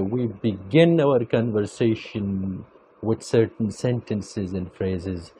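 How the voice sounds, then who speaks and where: A man giving an academic lecture, speaking deliberately and repeating key phrases for emphasis. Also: lowish voice, darkish tone, a little hiss or hum, rough recording.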